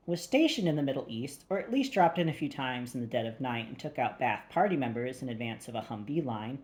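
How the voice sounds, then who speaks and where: Audiobook narrator, woman, low pitch, wry and animated. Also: fairly quick, few pauses. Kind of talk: first-person audiobook narration.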